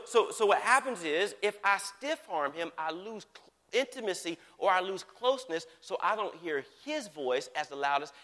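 A man preaching a sermon with animated delivery, swinging from hushed asides to shouts and often checking in with his listeners. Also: sits high, big-room sound. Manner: animated, repeatedly checks in with the audience.

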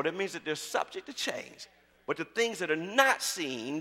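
A man with a high, bright voice delivers a sermon to his congregation. He calls on the crowd to repeat after him and swings from quiet storytelling to full shouting. His voice rings out with a long echo in a large hall. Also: big pitch swings, moderate pace. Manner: call-and-response preaching, building to shouts. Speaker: preacher. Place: church sanctuary.

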